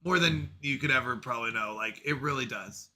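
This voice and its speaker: A man in his thirties hosting a live stream, reading chat aloud with quick, animated reactions. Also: medium pitch. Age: 30s.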